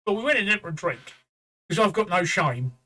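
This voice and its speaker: A man's voice: high-pitched, animated, a little fast, pushed and bright, rough recording. A middle-aged English man hosting a casual chat, telling a rambling pub story with swearing and "right?" tags. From England. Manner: swearing, repeats "right?" as a tag; quotes others in a raised voice. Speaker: show host.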